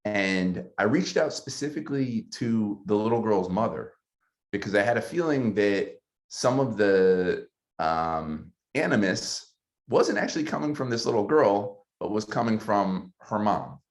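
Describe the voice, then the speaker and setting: A man who is a city councilmember and former teacher tells a personal story in an earnest, halting way, with many ums. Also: fairly low pitch, animated.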